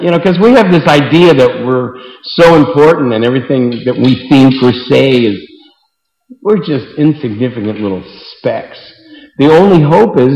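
A man's voice: medium pitch, dull audio. A man giving an informal devotional talk to a group, telling stories and acting out the people in them. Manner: animated storyteller acting out quotes. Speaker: book distributor speaking to devotees. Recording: echoey hall with long reverb.

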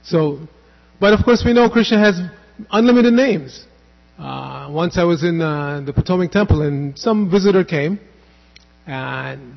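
A man's voice: on the high side, expressive, measured pace, gravelly, in a large hall, lo-fi sound. A man giving a devotional scripture class, explaining at length, wandering off on asides and chanting Sanskrit verses.

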